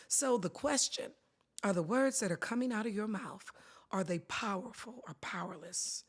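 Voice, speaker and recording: A middle-aged woman talks with lively, emphatic energy, like a speaker teaching a room. Her pitch rises and falls widely as she drives home each point, and at times she sinks into a hushed whisper to make it land. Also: moderate pace, husky. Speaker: guest, body language expert. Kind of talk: animated conversational teaching.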